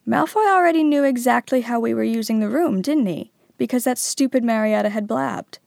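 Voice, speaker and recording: A woman's voice: fairly high pitch, brisk, vocal fry, darkish tone, dry recording, studio quality, pitched above the performer's own voice. A woman voicing a clever, earnest teenage girl witch who explains carefully. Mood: explaining.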